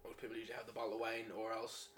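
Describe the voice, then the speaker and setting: A man's voice: fairly low pitch, monotone, racing, noisy background. A Northern Irish man in his twenties, a podcast guest chatting casually with dry, teasing humour. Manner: dry, teasing, laid-back. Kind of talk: casual chat.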